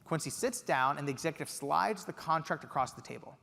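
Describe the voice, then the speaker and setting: Brief: young man, keynote storyteller, higher voice that swings widely, echoing through a big hall. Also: brisk, creaky. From Los Angeles, USA. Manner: animated, acts out quotes. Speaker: keynote speaker. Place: conference hall stage. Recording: long reverb of a large hall.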